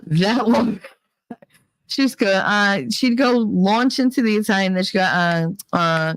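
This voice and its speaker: A woman's voice: mid-range voice, expressive, slow pace, long pauses, dry recording. A woman with a New Jersey accent chatting casually with her viewers, reading their comments aloud, laughing often and mimicking her relatives. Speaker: streamer reading chat. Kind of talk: casual chat.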